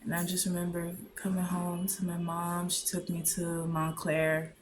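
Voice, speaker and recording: A woman giving a candid, heartfelt personal message to camera, often halting and trailing off softly. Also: lowish voice, monotone, noisy background. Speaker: vlogger sharing a personal message. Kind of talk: emotional personal testimony to camera.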